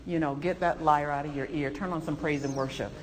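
A woman's voice: sits low, brisk, background noise. Woman preaching in an echoing hall. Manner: animated, emphatic, voices rising with feeling. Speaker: preacher teaching a Bible lesson. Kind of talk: sermon.

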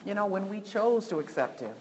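A woman leading an informal church lesson, talking in a conversational, repetitive and lively way. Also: mid-range voice, a little fast, big-room sound, slight background noise, low-quality recording. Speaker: Bible study teacher. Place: church hall.

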